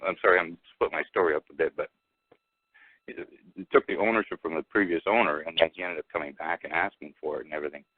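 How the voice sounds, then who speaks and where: Very deep-voiced man calling in by phone. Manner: rambling, halting, full of fillers and restarts; retells exchanges by quoting both sides. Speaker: caller. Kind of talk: casual storytelling on a call-in show. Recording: tinny phone line, dry.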